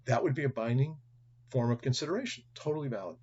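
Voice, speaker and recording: A man's voice: mid-range voice, fast talker, darkish tone, breathy edge, muffled recording. A middle-aged man, a college instructor giving a recorded lecture, telling stories and acting out the dialogue in them. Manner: storytelling with acted-out dialogue. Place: home or office webcam recording.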